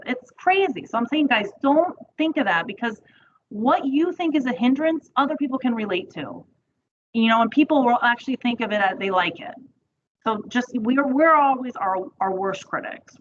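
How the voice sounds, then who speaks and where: A woman teaching a marketing training class in a chatty, encouraging way. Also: on the high side. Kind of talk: webinar training talk. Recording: muffled audio with background noise.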